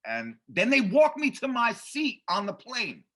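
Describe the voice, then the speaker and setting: A man telling a story as a podcast guest, in a casual, animated and profane way. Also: very high-pitched, unhurried, a little hiss or hum.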